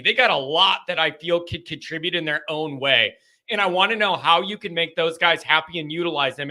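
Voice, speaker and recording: A man hosting a live call-in show, chatting loosely and rambling, with an animated, anxious edge. His voice sits high and comes across very bright and sharp. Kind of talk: casual live chat.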